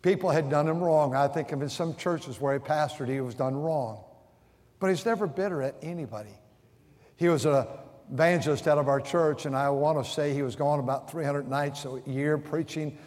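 A man's voice: a little high, moderate pace, a little mellow. Storytelling preacher man in echoing church. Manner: storytelling with vivid acted-out quotes; frequent restarts and repeated words. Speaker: pastor. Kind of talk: sermon. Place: church sanctuary. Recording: long church hall reverb.

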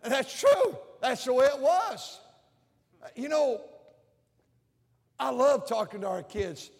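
Older man, pastor, emphatic sermon delivery, very high pitch, long reverb of a church hall. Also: very animated, slow, darkish tone. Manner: emphatic preaching with repeated phrases. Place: church sanctuary.

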